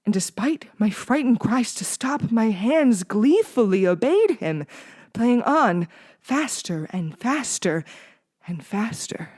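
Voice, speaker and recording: A podcast host reading a children's horror book aloud in dramatic, expressive narration with a few small slips. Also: mid-range voice, slow pace, no echo, clean studio sound. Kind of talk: audiobook-style narration.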